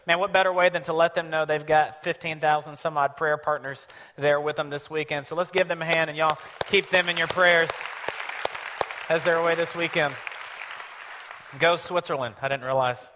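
A man's voice: fairly high pitch, a bit bright. A man, the church's pastor, making upbeat, playful announcements from the stage and introducing the guest speaker. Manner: upbeat and playful, hyping the crowd. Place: large church auditorium.

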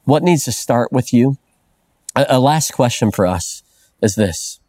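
A man's voice: medium pitch, lively intonation, a little slow, warm tone, no echo. A middle-aged man preaching a sermon in an earnest, conversational way, often restarting phrases and adding "man" as a filler. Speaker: pastor.

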